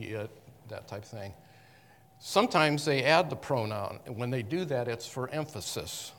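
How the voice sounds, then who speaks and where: A man teaching the Bible to a congregation in a conversational way, pausing and correcting himself often. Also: mid-range voice, slight background noise. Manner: halting, with frequent restarts and self-corrections. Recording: long reverb of a hall.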